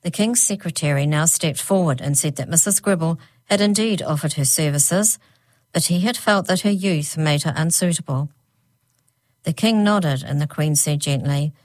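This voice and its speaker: Woman narrator, low pitch, dry close sound, measured storybook reading. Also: no echo. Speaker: audiobook narrator.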